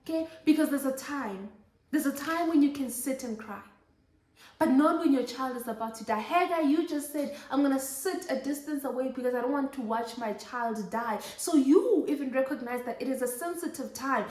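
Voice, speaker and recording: Young woman, high voice, fervent repetitive preaching, roomy echo. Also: a little mellow. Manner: exhorting, repetitive emphatic preaching. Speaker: host of a Christian motherhood show. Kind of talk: preaching Bible study.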